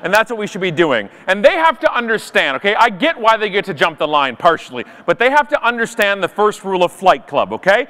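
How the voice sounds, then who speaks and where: A man giving a comedic storytelling talk on a live event stage, animated and self-mocking with punchy timing. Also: high-pitched, a little fast, few pauses, big-room sound. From Canada. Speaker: conference speaker.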